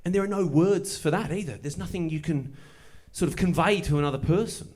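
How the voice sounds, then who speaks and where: A man's voice: on the high side, a little fast. Man doing dry stand-up. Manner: dry, deadpan delivery that builds to excited bursts. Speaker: stand-up comedian. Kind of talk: stand-up comedy storytelling. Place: comedy venue on stage. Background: audience laughter.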